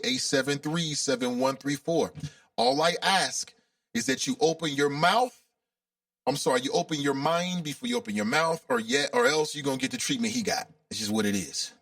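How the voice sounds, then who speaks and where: Animated guy hosting a call-in radio show, gravelly edge, dry sound a bit off-mic. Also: on the high side, no echo, far from the mic. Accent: Cincinnati, Ohio. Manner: emotional, chatty, animated. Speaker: radio talk show host. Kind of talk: casual call-in talk show.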